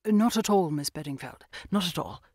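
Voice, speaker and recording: Lady doing a jumpy nervous secretary guy, lower voice, stammers and hedges, dry sound. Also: animated, unhurried, no room sound. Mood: evasive. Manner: hesitant, stumbling over fillers. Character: nervous evasive male secretary, flustered and stammering. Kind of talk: audiobook character voice.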